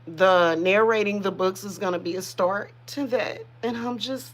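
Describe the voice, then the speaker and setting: A woman's voice: mid-range voice, normal speed. A woman who hosts a spiritual reading channel, speaking in casual, emotional livestream chat with many restarts. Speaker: spiritual reader and channel host.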